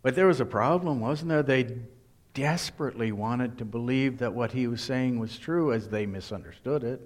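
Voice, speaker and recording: A man preaching a sermon, emphatic and deliberate, now and then voicing what the crowd thinks. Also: mid-range voice. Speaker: pastor.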